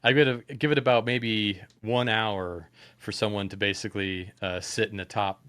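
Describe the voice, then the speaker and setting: A man guest on a podcast, speaking casually and haltingly with many fillers. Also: lowish voice, steady tone, a bit bright, smooth, dry recording.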